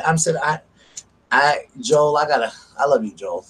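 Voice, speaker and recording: A man's voice: medium pitch, moderate pace, husky, rough recording. A man with a Southern US accent hosts a casual live stream from home, chatting and gushing as he greets viewers by name. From South Carolina, US.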